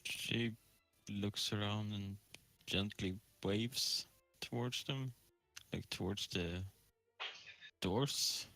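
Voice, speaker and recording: A man's voice: on the low side, drawn-out words, long pauses, pushed and bright, no echo, faint music behind. A man taking part as a player in a tabletop game, speaking wryly and in character. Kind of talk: in-character tabletop role-play.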